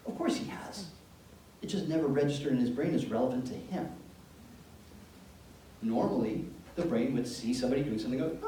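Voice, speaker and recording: A man giving an educational talk to parents, telling anecdotes in an animated, joking way. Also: mid-range voice, fairly quick, long pauses. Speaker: presenter speaking to parents. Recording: echoey room from far off, faint background noise.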